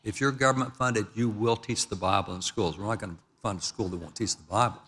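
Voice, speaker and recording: A man's voice: lowish voice, fast talker, fairly bright tone, slightly rough. An older man giving an emphatic lecture-style speech at a gala, walking through slides and reading quotes aloud. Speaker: historical speaker at a gala. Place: large event hall. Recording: hall reverb from event PA.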